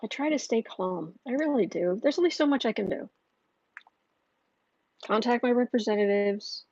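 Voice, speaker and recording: A woman hosting a casual livestream and reading viewer comments aloud, chatty and quick to laugh. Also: a little high, dark tone, dry recording, highs cut off. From northern United States. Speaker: tarot reader and channel host.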